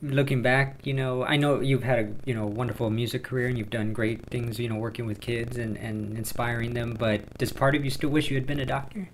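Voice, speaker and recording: A man hosting a podcast, asking a long, encouraging question in a soft voice. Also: mid-range voice, steady tone, brisk, few pauses, slight background noise. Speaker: podcast host. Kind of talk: interviewing.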